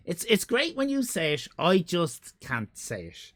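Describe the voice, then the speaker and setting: A man's voice: sits high, very animated, moderate pace, few pauses, fairly bright tone. A man with an Irish accent, chatting casually to his live-stream audience, rambling and joking and calling out viewers by name. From Ireland. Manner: rambling, jokey, talks to chat by name.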